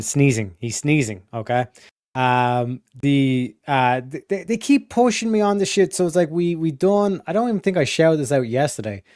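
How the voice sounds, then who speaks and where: A man's voice: on the high side, darkish tone, no room sound, studio quality. Swearing, rambling male livestream host. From Europe. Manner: rambling, swears a lot, reads chat aloud. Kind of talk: casual live stream chat.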